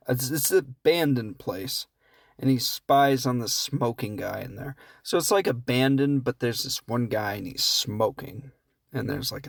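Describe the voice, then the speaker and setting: A man's voice: medium pitch, no echo. Man, casual comedy recap, rambling and swearing, dry close sound. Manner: rambling, profane, amused, slips into quoted voices. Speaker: podcast host reviewing films.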